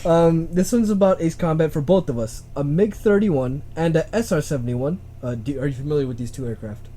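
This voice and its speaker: A young man hosting a casual podcast chat, animated, laughing often and stumbling over his words. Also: a little high, fairly quick, slight background noise. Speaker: podcast host. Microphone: home microphone, uneven volume.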